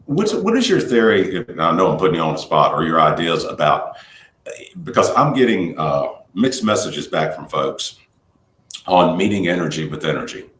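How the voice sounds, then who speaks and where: A man co-hosts a podcast with a fairly low voice that moves up and down a lot. He talks in a conversational way, asking questions and adding his own examples. His voice carries a roomy echo. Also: very animated, moderate pace, fairly bright tone. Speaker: podcast co-host.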